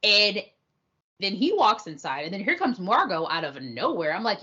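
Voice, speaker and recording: A woman's voice: medium pitch, very animated, unhurried, sharp tone, husky, highs cut off. A woman co-hosting a podcast, recapping scenes in casual review chat with blunt, slangy, playful remarks. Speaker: podcast co-host.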